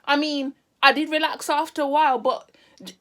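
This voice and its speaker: A woman telling a casual storytime vlog, animated and exclamatory. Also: sits high, moderate pace. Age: 30s. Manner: animated, exclamatory, drifts into Caribbean patois. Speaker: vlogger.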